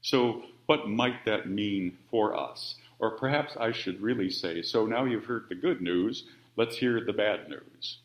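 A man preaching a sermon, by turns emphatic and quiet. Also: a little slow. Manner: expressive, with wide swings of pitch and volume. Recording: roomy, dull-sounding church audio.

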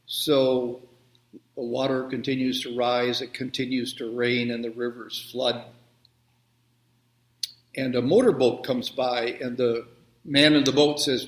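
Slow-spoken male preacher. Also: mid-range voice, fairly even intonation. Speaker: pastor. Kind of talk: children's sermon and prayer. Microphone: video call. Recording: roomy echo.

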